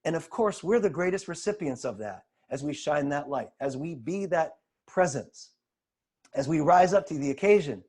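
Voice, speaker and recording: A man preaches over a video call, his husky voice riding high and swinging widely in pitch. He retells scripture with dramatic, expressive emphasis. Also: moderate pace. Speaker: spiritual teacher.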